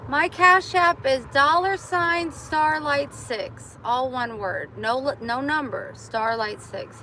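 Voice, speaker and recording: A woman's voice: high-pitched, pushed and bright, slight background noise. A woman vlogger live-streaming casually from her car, chatty and thankful to viewers.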